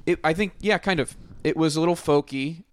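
A man's voice: on the high side, brisk. A man hosting a casual music podcast, playful and joking as he leads the rundown. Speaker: podcast host. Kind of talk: casual chat.

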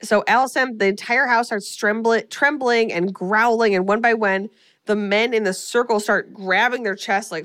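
Animated woman recapping a horror film. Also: medium pitch, no echo, studio quality. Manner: animated storyteller, acts out quotes. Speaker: podcast co-host. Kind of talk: casual movie recap chat.

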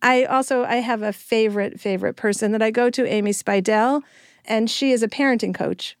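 A woman's voice: a little high, a little fast, clean tone, no echo, clean studio sound. A middle-aged woman co-hosting a podcast, talking earnestly and reflectively about her parenting. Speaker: podcast co-host. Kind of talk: casual chat.

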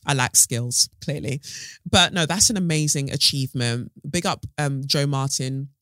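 A man's voice: medium pitch, moderate pace, sharp tone, clear, resonant tone, dry recording, studio quality. A man hosting a podcast, reading news aloud and adding playful, rambling asides. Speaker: podcast host.

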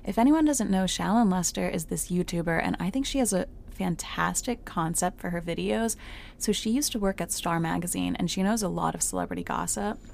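Chatty woman podcaster with gravelly fry. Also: fairly low pitch, a little fast, darkish tone, a little hiss or hum. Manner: chatty, many filler "like"s; self-described hot-headed and fiery. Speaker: podcast host. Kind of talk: casual solo podcast advice. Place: home closet.

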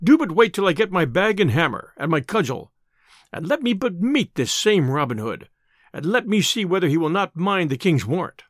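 A man voicing a gruff, boastful, hot-tempered tinker who speaks in old-fashioned English. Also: high voice, big pitch swings, normal speed, no room sound, clean studio sound. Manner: blustering, archaic speech.

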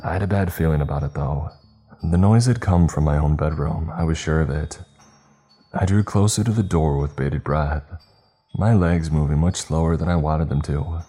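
A man tells a first-person story in a very low, mellow voice with a husky texture. His delivery is steady and even. Soft music sits faintly beneath him. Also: normal speed. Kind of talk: storytelling narration.

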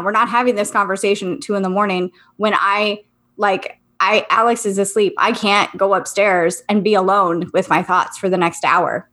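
A podcast co-host who works as a psychic reader chats casually in a mid-range, fairly bright voice. She rambles, using lots of fillers.

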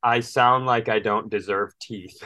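A man's voice: lowish voice, fairly even intonation, unhurried, pushed and bright, no room sound. Podcast co-host, man with a slight Southern drawl, storyteller who acts out calls, bone-dry close mic. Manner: storytelling, acting out phone calls with voices; exasperated, swearing rants. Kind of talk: casual chat.

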